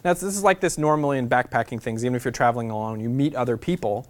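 A Nebraska man in his thirties, guest speaking to a class, tells a lively travel story at a very fast pace. His voice is medium-pitched, and he repeats a refrain and acts out the voices of people he quotes.

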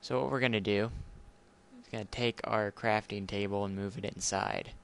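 A man's voice: lowish voice, steady tone, moderate pace, gravelly, clear, resonant tone. A young man talking casually and awkwardly over his gameplay, rambling and apologizing as he goes. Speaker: gamer. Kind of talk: casual let's play commentary.

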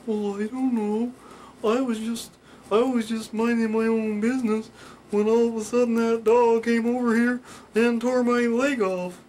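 A man's voice: very high voice, flat delivery, unhurried, a little mellow, slight background noise, pitched above the performer's own voice, poor audio. Timid puppet boy, voiced by a man, unsure and meek. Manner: hesitant, meek. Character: shy timid boy who doesn't know much.

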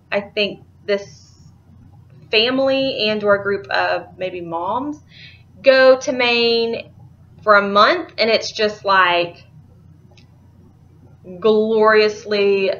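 A woman's voice: mid-range voice, fairly bright tone, lo-fi sound. A young woman, chatting casually and rambling about books she bought, laughing easily. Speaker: book vlogger. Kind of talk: casual chat.

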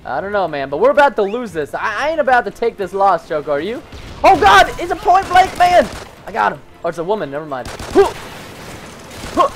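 A young man hosting a gaming channel, giving excitable gameplay commentary with lots of laughing and goofy stand-ins for swear words. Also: sits high, a little fast. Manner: jumpy, laughing, mild cussing substitutes.

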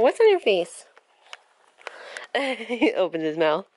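Speaking slowly with frequent pauses, this young mother vlogs from indoors at home in a mid-range, sing-song voice with a darkish tone. She's chatty with the camera and baby-talks to her little son.

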